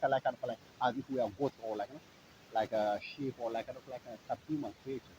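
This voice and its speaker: A man's voice: mid-range voice, steady tone, fast talker, dark tone, muffled recording, slight background noise. A man from Eritrea, talking in a rambling, sarcastic monologue full of "like, you know". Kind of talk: casual monologue.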